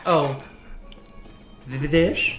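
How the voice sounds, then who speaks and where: An old dwarf strolls into a tabletop tavern scene, cocky and coy, with a folksy drawl full of y'all, played by a man. His voice rises and falls with a bright edge. The sound is roomy, with faint music behind. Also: on the high side, wildly swooping pitch, extremely slow, full character voice. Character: old swaggering shirtless male dwarf, cocky folk hero.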